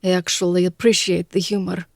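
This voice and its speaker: A man's voice: sits high, little pitch movement, brisk, creaky, no room sound, voice pushed up. A man voicing a guarded young Russian woman with a heavy Russian accent, speaking bluntly in an audiobook reading. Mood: wry.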